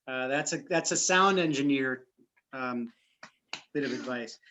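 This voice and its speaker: A man hosts a casual chat through a computer mic, rambling and frequently cutting himself off. His medium-pitched voice is pushed and bright, his pace measured, and there's a little background noise.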